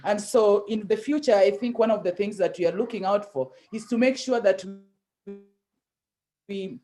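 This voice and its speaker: A professor judging a debate over a video call, speaking haltingly with many pauses and fillers. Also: mid-range voice, mellow, faint music behind. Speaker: debate judge. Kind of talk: judge's feedback on a debate.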